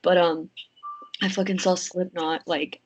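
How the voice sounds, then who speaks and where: A young woman telling a story in a casual podcast chat, rambling with lots of fillers and swearing, and getting excited as she talks. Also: lowish voice, measured pace, lo-fi sound. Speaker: podcast guest.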